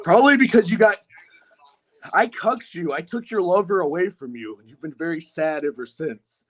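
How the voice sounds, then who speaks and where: A man's voice: high voice, expressive, normal speed, muffled recording. A man taunting and goading a rival in a heated online voice chat, in a mocking tone. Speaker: streamer calling in to a rival's stream. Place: online voice call.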